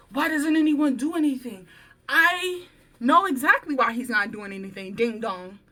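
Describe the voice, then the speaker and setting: A woman vlogger telling a work story in casual chat, animated and slangy, acting out what people said. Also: sits high. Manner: animated, slangy, acts out quoted dialogue.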